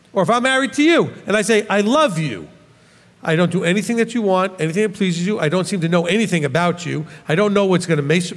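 Male rabbi-preacher, high voice, scolding, animated, reverberant hall. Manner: animated, scolding, rhetorical questions. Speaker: rabbi teacher. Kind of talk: sermon.

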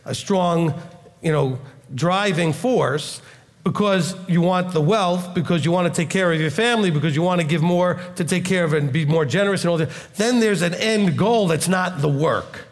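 A rabbi teaches in an animated, high voice at normal speed, posing rhetorical questions and acting out both sides of everyday arguments. A long reverb tail trails his words.

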